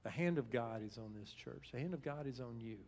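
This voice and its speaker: A man's voice: mid-range voice, fairly quick, darkish tone. A man giving a conversational sermon as a guest speaker in a church, retelling scripture in plain everyday speech.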